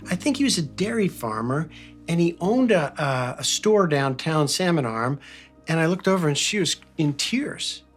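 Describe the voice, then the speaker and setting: An American man hosting a faith-based talk, earnest and reflective, telling a personal story and slowing down to stress key phrases. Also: on the high side, lively intonation, husky, soft background music. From United States. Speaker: podcast host.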